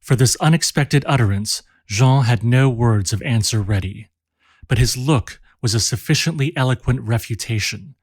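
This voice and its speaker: A man reading a short story aloud in a calm, steady way. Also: medium pitch, moderate pace, slightly rough, no room sound, studio quality. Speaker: reader. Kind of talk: audiobook narration.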